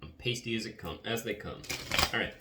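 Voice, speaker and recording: A man's voice: lowish voice, a little fast. A man giving a casual tarot reading in a chatty, rambling way, often saying "like.". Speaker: tarot reader. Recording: roomy, distant mic, faint noise.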